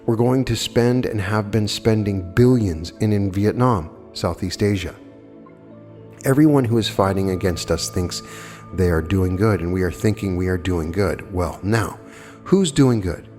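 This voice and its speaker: Low-voiced man lecturing in a reverberant hall. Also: a little slow, warm tone. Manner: plainspoken, argumentative, rhetorical questions. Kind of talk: spoken lecture with audience questions. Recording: old archive lecture with long hall reverb and faint music.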